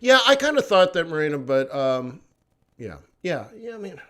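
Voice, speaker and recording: A man's voice: a little high, sing-song, moderate pace, fairly bright tone, clear, resonant tone. A man hosting a live forex trading stream, talking casually, laughing often between loose, rambling thoughts. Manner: chatty, laughs often, fillers and restarts.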